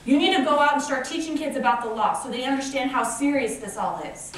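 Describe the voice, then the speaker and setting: A woman's voice: high-pitched, fast talker, recorded from a distance, slight background noise, lightly acted. A woman voicing blunt earnest teenage detainees. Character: group of teenage boys in detention, blunt, earnest. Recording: echoey hall picked up from afar.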